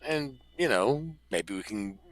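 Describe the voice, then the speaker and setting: A man co-hosting a prank-call show in casual chat, excitable and quick to laugh, often stumbling over his words. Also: fairly low pitch. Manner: excitable, laughs a lot, stammers. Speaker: podcast co-host.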